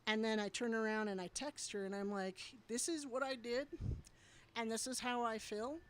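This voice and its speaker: A woman's voice: a little high, steady tone, normal speed. A woman variety streamer telling a story to her chat in a blunt, heated way, swearing freely.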